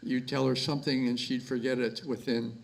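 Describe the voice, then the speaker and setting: A man from Canada speaking at his mother's memorial, halting and repeating words with many fillers. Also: medium pitch, little pitch movement, creaky, low-quality recording. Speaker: son giving a eulogy. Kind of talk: memorial speech.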